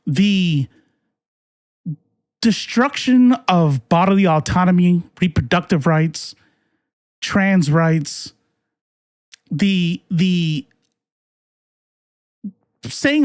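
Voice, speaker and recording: A fairly high-voiced man ranting on a live stream, heated and profane, tripping over restarts as he answers chat. The sound is close and dry, with no room around him. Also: big pitch swings, slow pace, pauses often, a little mellow, no echo. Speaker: political commentary streamer. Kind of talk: casual live-stream commentary reading chat.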